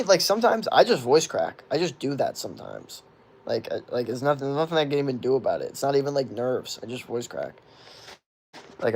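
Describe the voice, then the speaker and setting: A man's voice: mid-range voice, gravelly. A man in his twenties rambling through chat questions on a livestream, swearing freely and leaning on "like" and "you know" as fillers. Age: 20s. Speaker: streamer answering chat questions.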